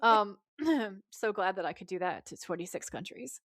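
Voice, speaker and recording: A woman co-hosts a podcast in a relaxed, chatty way, walking through an episode and reading out the characters' dialogue. Her voice sits in the middle of the female range. The sound is close and dry, with no room echo. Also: mid-range voice, normal speed. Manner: retells scenes while quoting the characters' lines. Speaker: podcast co-host. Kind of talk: casual episode recap chat.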